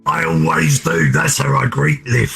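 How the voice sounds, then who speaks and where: A man chatting casually, jumping in eagerly with animated remarks. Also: medium pitch, unhurried, gravelly, over loud music. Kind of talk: casual chat.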